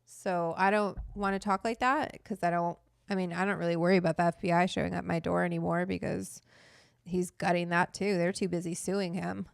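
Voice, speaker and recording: Middle-aged woman on a chatty livestream, smooth clear voice, cusses a lot, gets all fired up. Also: fairly low pitch, level tone, brisk, no room sound, studio quality. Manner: blunt, profane, fired-up ranting. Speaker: cooking show host. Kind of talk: casual livestream chat.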